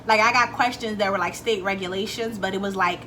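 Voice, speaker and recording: A young woman vlogging casually, telling a story in a chatty, animated way, swearing freely and acting out what people said. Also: medium pitch, fairly quick, background noise. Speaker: beauty vlogger.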